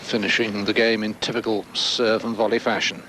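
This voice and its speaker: Male tennis commentator, measured play-by-play, broadcast with audible background noise. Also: on the low side, flat delivery. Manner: measured, factual, reels off scores. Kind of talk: sports commentary.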